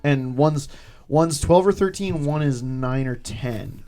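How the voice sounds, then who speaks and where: A man's voice: a little high, slow pace, mellow. A man co-hosting a comics podcast in casual chat, talking in a rambling, self-correcting way. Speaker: podcast co-host.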